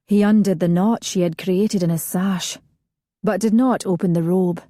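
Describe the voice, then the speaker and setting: A woman narrating a historical romance audiobook in a slow, hushed, sensual reading. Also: lowish voice, no echo, studio quality.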